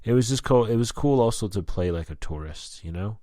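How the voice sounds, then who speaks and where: Deep-voiced, profane male podcast host. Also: expressive, a little fast, warm tone, no echo. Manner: profane, rambling and candid. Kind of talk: casual solo podcast monologue. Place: lives in Albuquerque.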